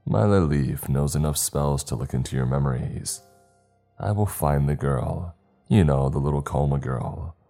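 A hulking, rabid beast of a man taunts his enemy with snarling threats, played by a male narrator. His voice sits extremely deep and dark, with a mocking cruelty in every line. Faint music plays underneath the audio-drama reading. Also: normal speed, vocal fry, full character voice. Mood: menacing taunts.

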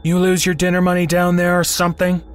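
Man doing a high-pitched, bossy woman crook, sarcastic and threatening, for a horror audio story. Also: big pitch swings, measured pace, faint music behind. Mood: sarcastic menacing. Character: tough sarcastic woman criminal, menacing.

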